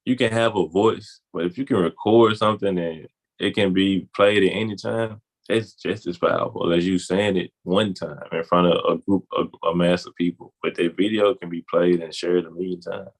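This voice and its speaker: A deep-voiced man with a Southern US accent talks in a loose, rambling way, circling back with fillers. His low voice has a gravelly, fried edge. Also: fairly even intonation, normal speed, few pauses, rough recording. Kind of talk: casual conversation.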